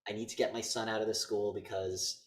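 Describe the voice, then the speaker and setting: A man's voice: lowish voice, brisk. A man co-hosting a podcast, casually recapping a film's plot with lots of swearing and acted-out lines. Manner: animated retelling with acted-out quotes, frequent swearing. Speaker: podcast co-host. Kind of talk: casual movie review chat.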